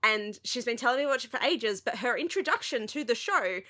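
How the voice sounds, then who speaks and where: A woman, co-hosting a podcast and chatting casually in an animated, sweary rant full of "like". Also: fairly high pitch, brisk. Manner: animated, sweary ranting with lots of "like". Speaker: podcast co-host. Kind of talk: casual chat.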